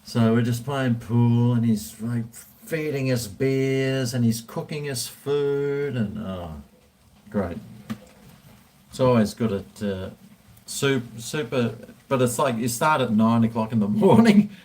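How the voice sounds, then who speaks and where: A man's voice: mid-range voice, slow, darkish tone. A man, rambling and swearing freely in casual chat while drinking. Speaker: vlogger.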